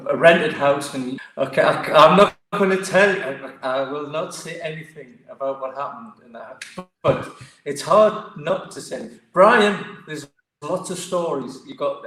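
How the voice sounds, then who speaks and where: A man with a Geordie accent, a martial arts guest telling stories in a lively, chatty way. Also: mid-range voice. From Newcastle, England. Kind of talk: casual storytelling interview. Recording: echoey room.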